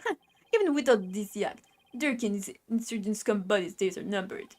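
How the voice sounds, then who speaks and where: A gruff male strongman with a put-on Brooklyn accent, as a woman puts him on for a game. He barks threats in a gangster drawl and ends his lines with "see?". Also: medium pitch, animated, brisk, darkish tone, lightly acted. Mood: gruff, menacing. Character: blustering middle-aged male tough-guy minister.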